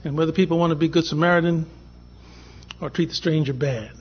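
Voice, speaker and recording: Speaking briskly in a slightly high, husky voice with fairly even intonation, a Bostonian recounts a personal anecdote during a panel session. He performs the quoted dialogue as he tells it, and the lo-fi conference recording sounds dull.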